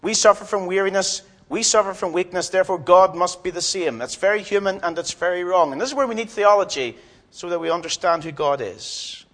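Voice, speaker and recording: A man preaching a sermon in a church, swinging from loud emphatic lines to soft, low ones. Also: a little fast.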